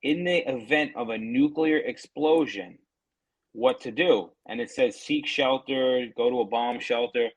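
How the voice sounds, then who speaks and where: A man's voice: medium pitch, unhurried, slightly rough, rough recording. A man co-hosting a casual podcast over a remote call, ranting with profanity and mocking quotes. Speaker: podcast co-host.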